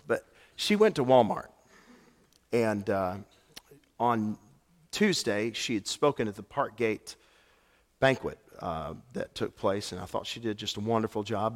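A man preaching a sermon as pastor, telling stories and moving between hushed lines and animated ones. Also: medium pitch. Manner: storytelling, swings from hushed to animated. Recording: long hall reverb.

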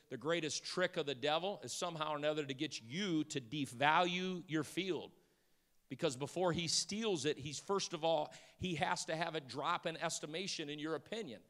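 A man's voice: fairly high pitch, in a large hall. A middle-aged man preaching a sermon, telling stories and acting out the people in them. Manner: storytelling, acts out voices, builds to shouting. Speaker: pastor.

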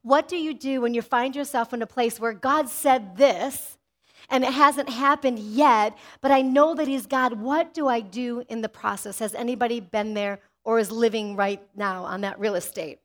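A middle-aged woman delivers a sermon in an earnest, emphatic way. Her voice sits high, and she often puts questions to the congregation. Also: moderate pace. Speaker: preacher.

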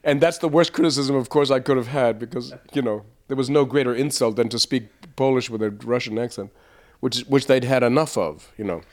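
A man recalling his theater touring days in an interview, storytelling with lively asides and frequent restarts. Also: medium pitch, brisk. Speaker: interviewed former puppet theater actor.

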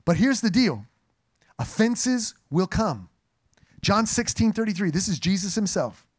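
A man preaching a sermon to a congregation, animated and joking as he speaks to them directly. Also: high-pitched, a little slow, slightly rough. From New Jersey. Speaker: pastor. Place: church sanctuary.

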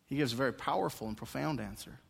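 Animated male pastor preaching in a reverberant sanctuary. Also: medium pitch, quick pace, vocal fry, breathy edge. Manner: animated preaching, swinging from quiet asides to emphatic raised passages. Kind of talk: expository sermon. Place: church sanctuary during a service. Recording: long reverb of a church sanctuary.

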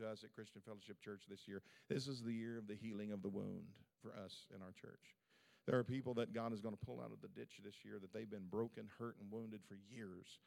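A man's voice: fairly low pitch, vocal fry, darkish tone. A male pastor preaching a sermon at a church service in a fervent, conversational way, with lots of repetition.

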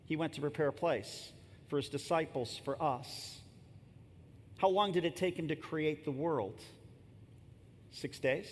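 With a slightly slow pace and long pauses, a man in his fifties preaches in a storytelling, conversational way, dropping casual asides to the congregation. His church sanctuary echoes with long reverb and a faint rumble, like a large hall.

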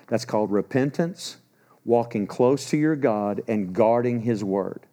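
Emphatic sixty-something male preacher. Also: unhurried. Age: 60s. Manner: emphatic, swings between loud urgency and low grave warnings. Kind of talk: sermon.

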